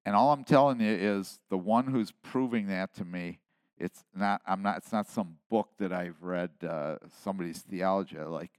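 A man in his seventies preaching a sermon, dropping to hushed asides and then rising to loud, emphatic declarations. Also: low voice, moderate pace, clear, resonant tone, no room sound. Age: 70s. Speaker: pastor.

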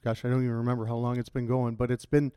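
A man preaching a sermon as pastor, talking in a conversational, halting way with frequent restarts. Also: mid-range voice, completely flat delivery, warm tone, smooth, no room sound, clean studio sound.

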